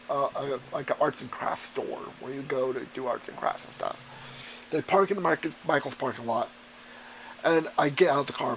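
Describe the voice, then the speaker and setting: A man's voice: on the high side, slight background noise, low-quality recording. A man streaming a flight game, telling a long profane story in a rambling, casual way. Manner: profane, rambling, animated retelling. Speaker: gamer streamer. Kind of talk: casual storytelling over gameplay.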